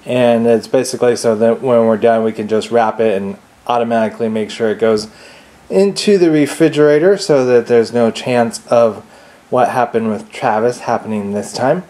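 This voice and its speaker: A man's voice: medium pitch, normal speed, a little mellow. A man filming himself cooking a holiday turkey in his home kitchen, chatty and joking, laughing often. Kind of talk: casual cooking vlog.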